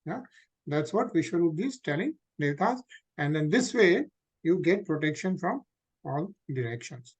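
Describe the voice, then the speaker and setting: A man leads a scripture study over an online call, reading verses and then explaining them. His voice sits a bit high for a man, and he keeps asking the group questions and filling gaps with "uh". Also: very animated, unhurried, a little mellow, slightly rough. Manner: explanatory, asks the group questions, many fillers.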